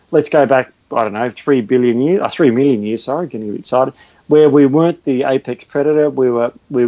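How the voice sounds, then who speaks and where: A man's voice: medium pitch, mellow, dry recording. Aussie guy chatting about health stuff, keeps restarting his sentences, kinda dull lo-fi sound. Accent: Australian. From Australia. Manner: chatty, restarts often, earnest. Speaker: health and fitness guest expert. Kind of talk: casual explanatory chat.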